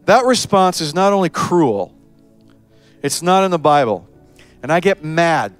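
A man preaching a sermon in an animated way, acting out short scenes with changing voices. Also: fairly high pitch, measured pace, pauses often, faint music behind. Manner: animated preaching, acts out voices of parents, children and Jesus. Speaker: pastor.

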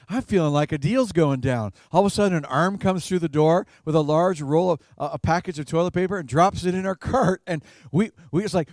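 A male pastor delivering a sermon in a relaxed, conversational manner, with a voice pitched a little higher than most men. He laughs lightly at his own stories and repeats words as he finds his way. The sound is dry and close, with no room echo.

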